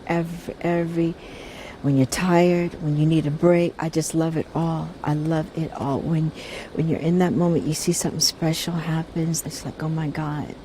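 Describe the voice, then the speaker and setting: A middle-aged woman as a celebrity guest in a casual interview, speaking softly and reflectively, often restarting her sentences. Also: deep voice, little pitch movement, moderate pace, a little hiss or hum. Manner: soft-spoken, reflective, with many restarts.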